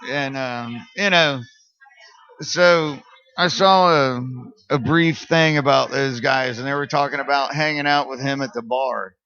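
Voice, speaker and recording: A man's voice: medium pitch, unhurried, pushed and bright, clean tone, dull audio. A man co-hosting a casual podcast, telling stories in a rambling, laid-back way. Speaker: podcast co-host. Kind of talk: casual chat.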